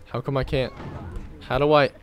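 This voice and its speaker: A man's voice: medium pitch, flat delivery, normal speed, soft background music. A man doing gameplay commentary, swearing and getting frustrated at the game. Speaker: let's play gamer.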